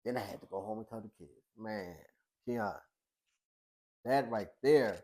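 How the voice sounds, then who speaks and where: A middle-aged man, a boxing coach and social worker, tells a personal story in a podcast interview. He speaks colloquially and earnestly, often acts out past conversations as quoted dialogue, restarts his sentences and drops to a hushed voice. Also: lowish voice. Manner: halting with restarts, softening to a hushed voice.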